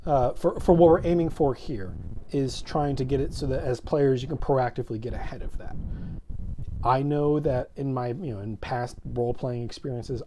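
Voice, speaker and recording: A man's voice: mid-range voice, warm tone. A man co-hosting a casual tabletop gaming chat, rambling and correcting himself mid-sentence with many false starts. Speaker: co-host. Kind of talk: casual podcast chat about tabletop role-playing.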